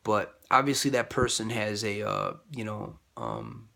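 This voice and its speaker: Guy ranting about religion, gravelly voice, bright edge, kinda rambly. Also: wildly swooping pitch, a little slow, few pauses. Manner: rambling, repeats himself, rises high when quoting others. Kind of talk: casual monologue on faith.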